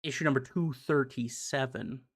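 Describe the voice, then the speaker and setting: A man's voice: medium pitch, moderate pace, breathy edge. A man casually recapping comic issues on a live stream, rambling with frequent ums and restarts. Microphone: desk mic on a live stream.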